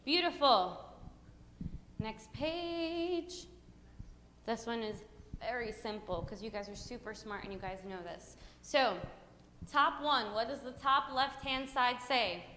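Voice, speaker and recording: A woman teaching a hymn class, upbeat and coaxing, calling out brisk prompts to her students. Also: on the high side, pushed and bright, slight background noise. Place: church hall classroom. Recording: echoey hall reverb.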